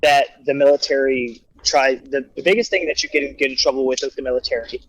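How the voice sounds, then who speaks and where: A man's voice: medium pitch, brisk, dry recording, low-quality recording. A man casually telling profane, rambling stories about his time as a soldier on a livestream. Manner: animated, profane, rambling with restarts. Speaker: guest storyteller, soldier.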